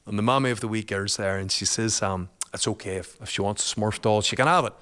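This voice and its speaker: A man's voice: lowish voice, quick pace, a bit bright. A man, a guest and father, telling a personal story in a chatty, colloquial way, laughing often.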